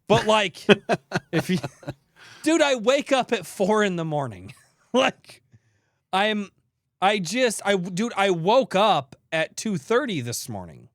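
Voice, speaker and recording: A man in his thirties tells rambling comic stories on a podcast, acting out his own grumbles with plenty of swearing. His voice sits high for a man and is recorded close and dry. He jumps between quick bursts and slower stretches. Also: sing-song, dry recording. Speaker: podcast co-host. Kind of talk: casual comedic storytelling.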